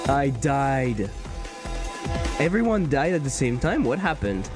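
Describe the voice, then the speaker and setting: A man with a French accent streaming as a game developer, excitable and self-mocking, swearing often as he talks through his work. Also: mid-range voice, takes it slowly, music in the background. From France. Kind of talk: casual live-stream commentary while coding.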